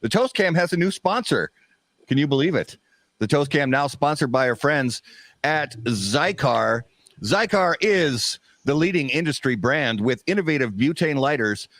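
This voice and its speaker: A man's voice: on the high side, a bit bright, no room sound. A man hosting a live cigar podcast from a studio, introducing guests and reading sponsor spots in an announcer style. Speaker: podcast host.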